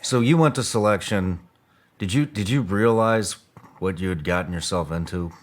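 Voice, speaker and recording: A man's voice: deep voice, moderate pace. A man hosting a podcast interview, saying short yeahs and restarting his questions. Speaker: podcast host.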